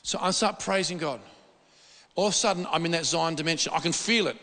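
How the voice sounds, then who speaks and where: A man preaching a sermon in a church hall, animated and repetitive, often restarting his sentences. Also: a little high, brisk. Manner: animated, repetitive, excitable delivery with frequent restarts. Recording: long reverb of a hall.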